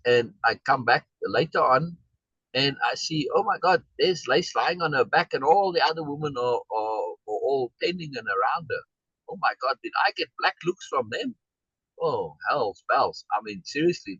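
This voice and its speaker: A man's voice: on the high side, a bit bright, breathy edge, no echo, muffled recording. A man telling a rambling personal story in a casual online meeting, with many asides and "right?" checks. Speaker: discussion group member. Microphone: video call.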